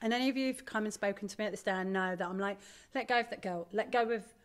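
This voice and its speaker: A middle-aged woman giving a candid, animated talk to an audience as a parent. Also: mid-range voice, fast talker. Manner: animated, candid, self-deprecating. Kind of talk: live presentation to an audience.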